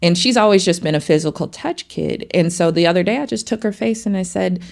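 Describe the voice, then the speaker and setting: Gravelly lower-voiced mom, middle-aged, chatty podcast storyteller doing her kids' voices. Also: a little fast, few pauses. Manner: animated storytelling, acts out her kids' lines. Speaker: podcast co-host, mother. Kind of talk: casual chat.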